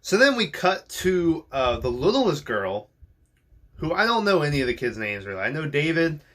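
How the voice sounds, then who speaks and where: A man's voice: fairly high pitch, sing-song, moderate pace, fairly bright tone. A man hosting a podcast, recapping a film in a casual, rambling way, swearing freely and filling gaps with ums and likes. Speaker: podcast host.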